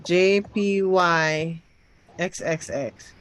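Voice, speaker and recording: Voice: mid-range voice, drawn-out words, fairly bright tone, slight background noise, poor audio. A trading teacher leading a live lesson, drilling questions and repeating them until the student answers firmly.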